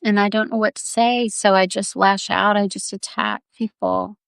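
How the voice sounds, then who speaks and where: A woman's voice: mid-range voice, flat delivery, gravelly, smooth, dry recording, close to an everyday voice. Woman voicing a tearful, remorseful confessing woman. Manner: halting, sobbing apology. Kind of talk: guided visualization role-play.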